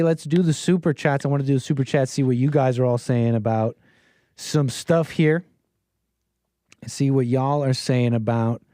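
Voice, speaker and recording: A man hosting a call-in livestream, chatting loosely to his audience with lots of fillers and restarts. His voice sits a bit high and sounds dry and close to the mic. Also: dark tone, no echo. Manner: meandering, full of fillers and restarts, laughs often. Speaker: livestream call-in show host. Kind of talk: casual rambling monologue to chat.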